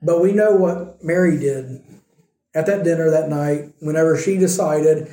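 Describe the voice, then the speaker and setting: A man's voice: fairly high pitch, unhurried, dark tone, roomy sound, poor audio. A man preaching a conversational sermon as pastor, using rhetorical questions. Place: church sanctuary.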